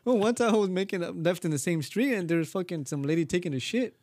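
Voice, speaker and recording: A man with a gravelly, fairly high voice trades blunt, profane remarks on a podcast. The sound is dry and close, with no room around it. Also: lively intonation, quick pace, darkish tone, dry recording. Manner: blunt, swears often, laughs along. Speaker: podcast co-host. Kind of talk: casual crude chat.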